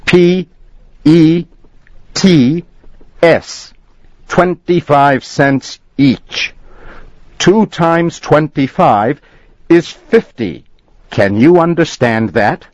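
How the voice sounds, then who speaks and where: A man voicing a furious, indignant gentleman customer who shouts and sputters. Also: on the high side, extremely slow, pauses often, no room sound, pitched above the performer's own voice. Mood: outraged. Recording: dull lo-fi recording.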